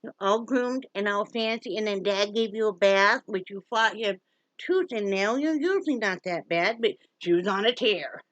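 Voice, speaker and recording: A woman's voice: mid-range voice, lively intonation, normal speed, fairly bright tone, no echo, lo-fi sound. A chatty woman from Wyoming vlogging at home, switching between folksy talk to viewers and coaxing, sing-song baby talk to her dog. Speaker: vlogger, pet rescuer. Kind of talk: casual home vlog.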